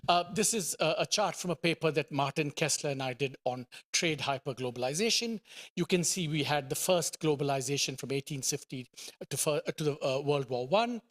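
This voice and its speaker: A middle-aged economist presents on a conference panel. His voice sits a little high for a man, and he starts sentences haltingly, full of fillers. He hammers points home by repeating words. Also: lively intonation. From India. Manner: hesitant starts with many fillers, emphatic repetition.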